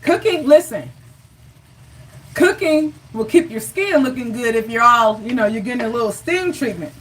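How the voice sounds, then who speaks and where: A woman's voice: a little high, animated, moderate pace, recorded from a distance, slight background noise, poor audio. A woman hosting a live cooking show, chatty and encouraging, talking straight to her viewers.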